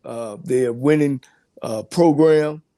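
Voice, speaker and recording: A man, a coach, guesting on a sports radio show, giving short answers and halting with fillers. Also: medium pitch, dark tone. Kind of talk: casual sports talk radio.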